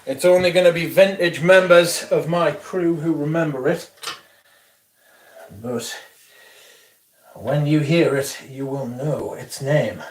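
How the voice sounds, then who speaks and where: A young British man chatting on a casual livestream, sweary and excitable. His voice sits a little higher than most men's, and he rattles on to his viewers with loose, bursting energy. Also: takes it slowly, pauses often. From Britain. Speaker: livestream host.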